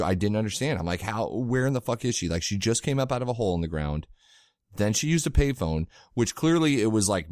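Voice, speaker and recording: A man's voice: sits low, a little mellow, no room sound, clean studio sound. A man co-hosting a podcast in casual chat, swearing a lot and getting worked up as he retells scenes. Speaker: podcast co-host.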